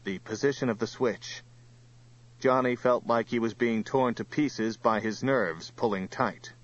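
A man reading an audiobook in steady, even scripted narration. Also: medium pitch, measured pace, lo-fi sound.

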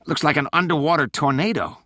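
A man voicing a wisecracking, sarcastic male scientist who needles everyone with quick quips in a raised voice. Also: fairly high pitch, fairly bright tone, dry recording, clean studio sound, pitched above the performer's own voice.

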